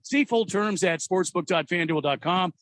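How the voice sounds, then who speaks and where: High-voiced sports radio host, dry studio sound. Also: male voice, a bit bright, dry recording. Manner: halting, many "uh" fillers. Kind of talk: casual radio talk with live ad reads. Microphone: studio mic.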